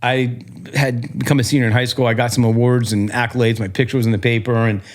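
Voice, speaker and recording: Fast-talking man from Pennsylvania. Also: medium pitch, level tone, very noisy. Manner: fast-talking, chatty storyteller. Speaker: chiropractor guest. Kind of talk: casual podcast interview.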